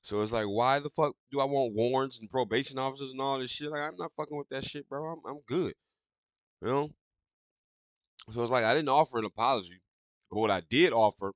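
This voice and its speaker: A man's voice: on the low side, fairly bright tone, no room sound. A young adult man hosting a podcast, delivering a blunt, profane, ranting monologue in casual talk. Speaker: podcast host.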